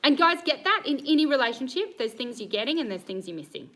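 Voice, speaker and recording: Woman, Australian accent, bubbly, laughs easily, bright tone, live-stream Q&A. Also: high-pitched, very animated, fast talker, low-quality recording. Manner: bubbly, upbeat, laughs often. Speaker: riding coach.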